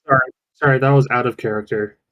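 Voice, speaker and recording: Man, tabletop player, excitable, swears, thinks out loud, mid pitch. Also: fast, lo-fi sound, a crowd in the background. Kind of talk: casual tabletop game chat.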